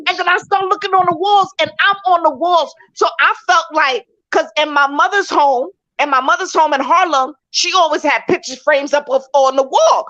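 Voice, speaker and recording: A woman with a high, bright voice tells a personal story in a casual chat and acts out her reactions as she goes. She is from New York, and the audio sounds dull and lo-fi. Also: moderate pace, hardly any pauses. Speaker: guest.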